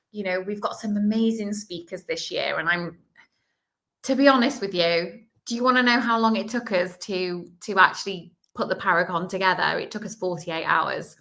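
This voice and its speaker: Bright chatty Yorkshire woman. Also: mid-range voice. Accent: Yorkshire, with a slight Welsh twang. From Yorkshire, England. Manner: chatty, rambling, quick asides. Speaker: guest psychic. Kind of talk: casual chat on a live stream.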